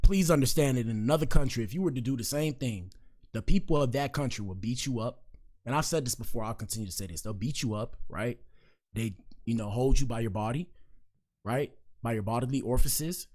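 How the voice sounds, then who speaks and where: A man's voice: mid-range voice, a little mellow. Slangy man hosting commentary. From Miami, Florida. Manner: loose, slangy, joking, drawn-out asides. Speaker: podcast host. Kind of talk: casual commentary show.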